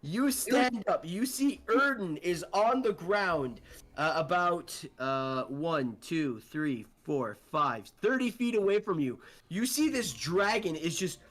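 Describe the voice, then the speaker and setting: Young man, game master, high voice, slow rambling narration, casual swearing. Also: expressive, a bit bright.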